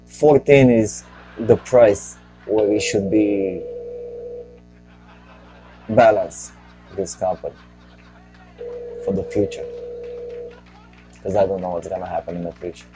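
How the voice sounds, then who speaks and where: Rambling low-voiced man hosting a show. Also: fairly even intonation, slow pace, pauses often, warm tone, slightly rough, faint music behind, poor audio. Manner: rambling and joking, talks to himself. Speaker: show host. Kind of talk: casual solo stock-market talk.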